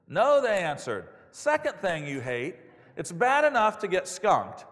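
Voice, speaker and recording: A man preaches in a large hall, his voice trailing off into a long reverb. He tells stories in an animated way, his pitch rising and falling widely. His voice sits a little on the high side for a man. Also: measured pace. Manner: animated storytelling with acted-out quotes. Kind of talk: sermon.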